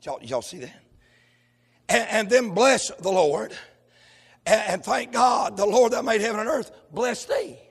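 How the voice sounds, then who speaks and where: Male preacher, very high gravelly voice, husky, big reverberant sanctuary, hollers then drops low. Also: animated, moderate pace. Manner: swings from shouted, sung preaching to low conversational talk. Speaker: pastor. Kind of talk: sermon. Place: church sanctuary. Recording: long hall reverb.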